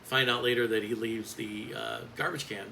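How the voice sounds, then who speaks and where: A man's voice: medium pitch, fairly even intonation, moderate pace, creaky, bright, forceful tone, a little hiss or hum, poor audio. A man who works as a coach, speaking in a bitter, blunt and profane vlog rant.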